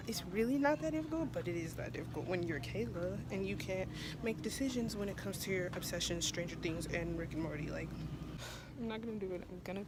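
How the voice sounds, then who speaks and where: A woman's voice: medium pitch, background noise. A young adult woman vlogging in a bubbly, chatty way, full of "like" and "y'all" as she talks to viewers. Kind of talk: casual vlog chat. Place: in and around a car, out and about shopping.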